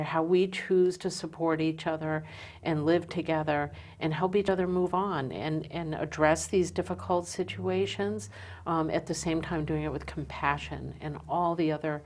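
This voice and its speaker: Earnest woman host, lower pitch, lots of ums. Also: steady tone, moderate pace, darkish tone. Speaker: host of a community talk show. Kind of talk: hosting a live community show.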